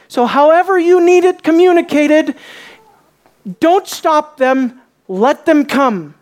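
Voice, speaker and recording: Woman preacher, sermon delivery, slow and deliberate, slightly high voice, emphatic with quiet drops. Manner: emphatic, rising and dropping to quiet for effect.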